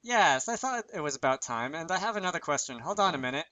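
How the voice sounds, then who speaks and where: A man doing a calm, blunt schoolgirl. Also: sits low, fast talker, no echo. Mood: matter-of-fact.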